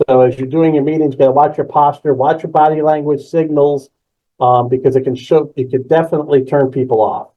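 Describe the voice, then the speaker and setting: A man presenting a live webinar on presentation skills, energetic and emphatic, repeating key words and reacting to the chat. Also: a little high, muffled recording.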